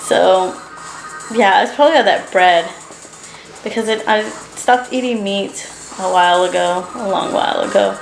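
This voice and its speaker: A woman's voice: mid-range voice, normal speed, gravelly, roomy sound, soft background music, low-quality recording. A sleepy young woman chatting in a rambling, laughing way as a doll-collecting vlogger, late at night in her living room. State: sleepy, yawning. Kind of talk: casual late-night chat to camera. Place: living room at home, indoors.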